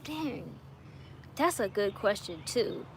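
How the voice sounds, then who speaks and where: A woman in her late twenties hosts a relaxed livestream from her home, answering viewer questions earnestly and thoughtfully with lots of soft laughter. Her voice is medium in pitch and very animated, she speaks slowly, and there's background noise.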